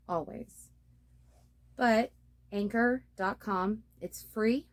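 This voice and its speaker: A woman's voice: on the high side, slow, gravelly. A young woman talking casually to her phone camera about starting a podcast, poking fun at her own mistakes. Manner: self-deprecating, laughs at her own slips. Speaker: beginner podcaster and blogger. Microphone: phone on a ring light tripod.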